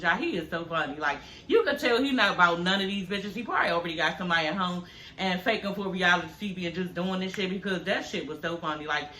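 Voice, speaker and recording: A woman doing an animated, profane, laughing recap of a reality show in casual chat. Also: lowish voice, roomy sound, a little hiss or hum. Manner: animated, cussing, laughing often.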